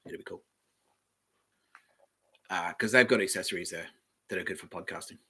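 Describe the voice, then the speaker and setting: With a deep voice that sounds pushed and bright with a breathy edge, this podcast host talks at a moderate pace. He rambles casually and jokes while reading aloud from a screen at home, often mumbling as he trails off.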